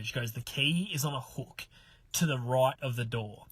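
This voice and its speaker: An Australian man telling a story in casual podcast chat, animated, swearing and acting out the voices in it. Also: medium pitch, fast talker, husky, no echo. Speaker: podcast guest.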